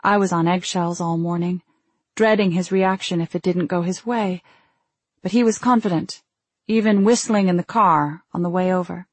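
Female audiobook narrator, lowish husky voice, measured first-person reading, dry close sound. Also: steady tone, no echo.

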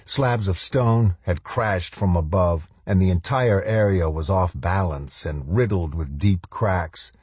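Deep, husky male audiobook narrator. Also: slow pace, few pauses, darkish tone, no room sound.

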